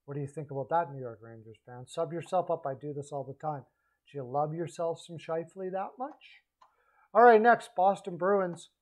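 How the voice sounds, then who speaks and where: A man with a slightly high voice talks hockey trades in a loose, rambling solo commentary. He stumbles over names, corrects himself and keeps tossing in animated asides to his viewers. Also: moderate pace, low-quality recording. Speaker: hockey podcaster.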